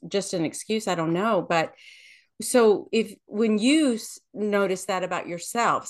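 Reflective woman asking thoughtful questions. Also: medium pitch. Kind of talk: conversational interview.

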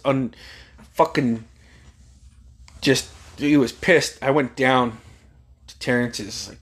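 A man in his forties from Alaska tells a casual, rambling story, swearing freely and chuckling as he goes. His voice sits at an ordinary middle pitch. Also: fairly even intonation, slow pace, long pauses, fairly bright tone. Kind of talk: casual anecdote telling.

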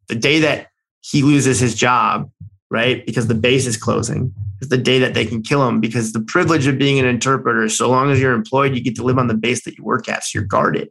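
A man from the United States, a military veteran, tells a personal war story in an animated, conversational way, blunt and casually swearing, with frequent restarts. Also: medium pitch, brisk, gravelly, rough recording. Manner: animated, excited storytelling with many restarts and fillers.

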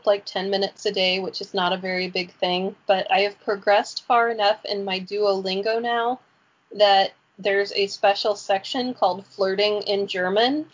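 A woman in casual podcast chat, playful and self-mocking, laughing along as she talks. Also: medium pitch. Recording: dull lo-fi recording.

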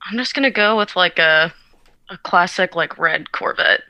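A woman takes part in a trivia game and keeps her answers short and plain. Her voice is on the low side but sharp and bright, and it sounds close and dry, with no room echo. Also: normal speed, muffled recording. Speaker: quiz contestant. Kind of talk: casual chat.

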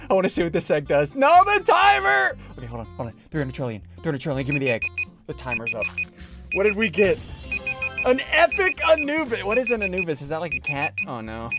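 Excitable high-voiced gamer guy. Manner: excitable, yells in bursts at wins. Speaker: YouTube gamer host. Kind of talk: casual gameplay commentary. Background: game music.

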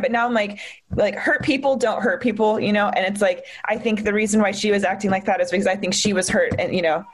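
A young woman telling a personal story in conversation, candid and halting, with many fillers and restarts. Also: mid-range voice. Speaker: guest.

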